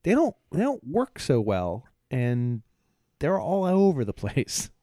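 A man co-hosts a relaxed podcast, telling funny stories in a voice that swoops up and down, laughing often and acting out his own yelling. The sound is dry and close, with no room behind him. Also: mid-range voice, slow, no room sound. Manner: animated storyteller, laughs often, acts out yelling at devices. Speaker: podcast co-host. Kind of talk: casual chat.

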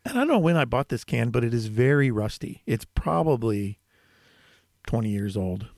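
A man co-hosting a podcast, chatting casually and telling a lively story, with sudden bursts of animation. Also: normal speed, vocal fry, no echo, clean studio sound. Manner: animated storyteller, mimics squeaks in a high voice. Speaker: podcast co-host. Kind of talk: casual chat.

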